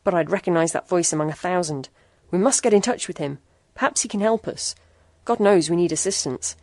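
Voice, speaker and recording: A woman reading an excitable male chemist with frayed nerves, firing off urgent lines. Her low voice carries a gravelly edge. It sounds dry and close. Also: brisk, dry recording, natural voice. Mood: urgent excited. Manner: jittery, urgent. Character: nervous excitable male chemist, middle-aged.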